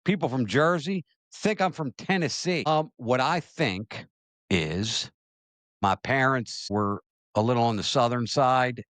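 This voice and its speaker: A man's voice: medium pitch, a little slow, a bit bright, no echo. A man from Maryland hosting his own show, talking casually to camera in a chatty, self-deprecating way and reading viewer comments aloud. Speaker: show host.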